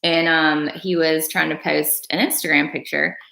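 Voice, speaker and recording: A young woman talking on a home livestream, earnest and rambling, full of fillers and false starts. Her voice sits low with a gravelly fry. The room around her sounds roomy and echoey. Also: little pitch movement, moderate pace, bright, forceful tone. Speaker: livestream vlogger. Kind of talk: casual livestream chat.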